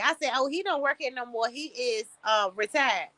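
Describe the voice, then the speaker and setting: Blunt, bright-voiced woman streamer. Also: high voice, moderate pace, no echo. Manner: blunt, profane, preachy advice with storytelling. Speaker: livestream host. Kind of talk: casual livestream talk. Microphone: streaming setup, close mic.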